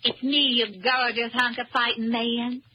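A woman's voice: a little high, level tone, unhurried, close to an everyday voice. A woman mimicking a cooing belle with a teasing drawl, in 1940s radio acting on a muffled old recording with faint hiss.

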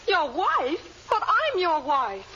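A woman's voice: extremely high pitch, wildly swooping pitch, takes it slowly, sharp tone, exaggerated voice. An actress playing a doting, melodramatic wife who pleads with her husband, in 1940s radio comedy style. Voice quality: gushing, melodramatic delivery. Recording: muffled old radio recording with hiss.

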